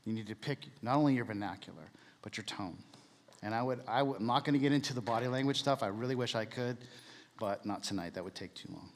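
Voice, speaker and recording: A man's voice: mid-range voice, fast talker, big-room sound. A man giving a casual, jokey church talk, asking the room questions as he goes.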